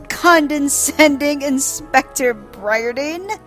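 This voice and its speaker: A flamboyant, self-assured gentleman inspector from a fantasy video game, read aloud by a woman. His lines come out slow and proclaiming in a fairly high voice, with faint game music playing underneath. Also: expressive, full character voice. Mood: grandiose.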